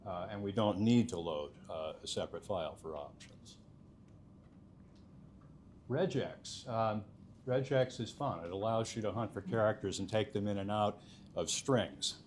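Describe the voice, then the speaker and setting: Male conference speaker, lower register, explanatory, light background noise. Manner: explanatory, steady, frequent uh fillers. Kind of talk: technical conference talk.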